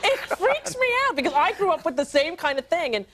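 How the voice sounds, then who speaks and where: A woman in her thirties, a talk show guest, telling comic stories in an animated way and doing voices of the people in them. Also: extremely high pitch, brisk. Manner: animated, does voices of family and stars. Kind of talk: comic storytelling. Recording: archival TV tape, faint hiss.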